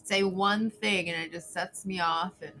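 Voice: mid-range voice, fairly even intonation, unhurried, pushed and bright, slight background noise. A podcast co-host chatting casually, playful and giggly, trading jokes with a friend. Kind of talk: casual chat.

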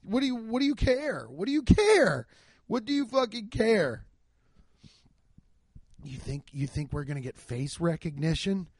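A man doing a casual comedic rant, profane and excitable, acting out the voices of people he quotes, on a handheld mic. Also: high voice, unhurried, pauses often, husky, no room sound. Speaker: stand-up comedian. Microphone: handheld microphone.

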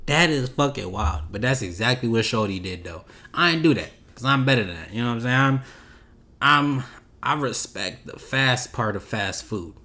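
A man chatting alone on his podcast, loose and unhurried, full of slang and side tangents. His voice sits at an ordinary middle pitch, and his thoughts wander as he talks. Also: lively intonation, pushed and bright. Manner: laid-back, rambling, slangy, drifts off topic. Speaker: podcast host. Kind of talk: casual solo podcast chat.

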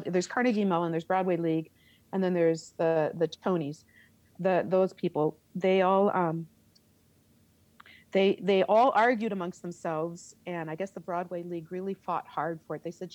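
A lowish-voiced middle-aged woman, a theater teacher, tells an animated interview story, laughing as she acts out how she reacted. The lo-fi recording has no room sound.

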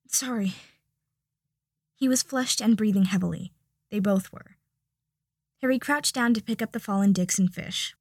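Woman narrator, soft and gravelly, close dry mic, audiobook. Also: medium pitch, dry recording. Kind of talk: audiobook reading.

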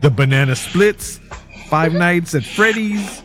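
A man in his forties, a podcast co-host who tells stories in casual movie chat, animated and profane. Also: high voice, takes it slowly, soft background music.

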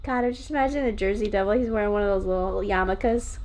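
A woman co-hosting a casual improv podcast, riffing quickly and swearing freely. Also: medium pitch, darkish tone, slight background noise. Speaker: podcast co-host.

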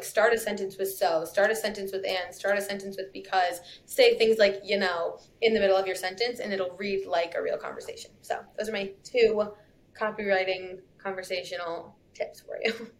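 A young adult woman in a casual podcast interview, chatty and quick, full of asides. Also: mid-range voice, a little hiss or hum. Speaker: guest copywriter.

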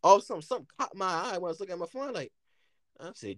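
A man's voice: on the high side, rapid-fire, no room sound, clean studio sound. A man telling a casual story, rambling with constant filler words and acting out the lines he quotes. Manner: rambling, heavy use of "like" fillers; animated, acts out quoted lines.

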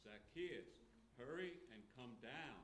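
A man in a congregation reading Bible verses aloud in a measured way. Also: mid-range voice, lively intonation. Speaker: congregation member reading scripture. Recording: noisy room recording.

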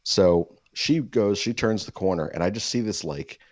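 A man with a very low, deep voice tells a meandering story, leaning on "like" and "you know" as he goes. The sound is dry and close, slightly dull and lo-fi, and he drops into put-on voices for the people he quotes. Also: moderate pace, no echo. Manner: rambling, heavy "like" fillers. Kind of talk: casual anecdote.

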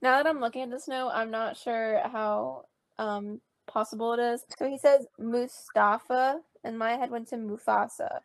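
A woman's voice: fairly high pitch, fairly even intonation, moderate pace, creaky, no echo. A woman co-hosting a podcast, musing aloud in casual chat. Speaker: podcast co-host.

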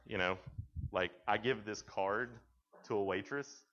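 A man's voice: lowish voice, a little slow, a bit bright. A young man from Tennessee with a Southern accent, giving a humorous talk to students and acting out conversations as he tells stories. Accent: Tennessee Southern American. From Tennessee, USA. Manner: joking storyteller who acts out dialogue. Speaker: youth speaker. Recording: dull lo-fi recording.

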